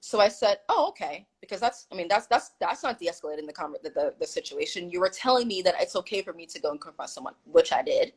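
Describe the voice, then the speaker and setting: A woman's voice: fairly low pitch, fast, hardly any pauses, breathy edge, low-quality recording. A woman guest telling a story in casual chat on a video call, acting out what people said. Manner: animated, acts out quoted dialogue.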